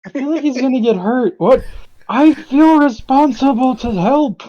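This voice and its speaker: A woman's voice: high voice, moderate pace, dark tone, muffled recording. A playful woman chatting and joking with friends during a game. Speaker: player. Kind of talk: casual group chat while playing a game.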